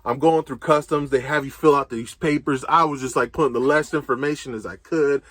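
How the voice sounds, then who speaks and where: A young man spins a story, animated and quick to laugh, dropping casual swears. His voice sits close and dry, with no room sound, and his pitch stays mid-range for a man. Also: no room sound. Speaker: co-host.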